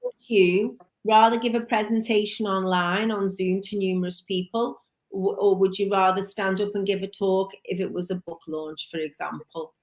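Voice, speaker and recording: A woman co-hosting a casual chat show, asking guests questions and chiming in with quick agreement. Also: medium pitch, fairly even intonation. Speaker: co-host.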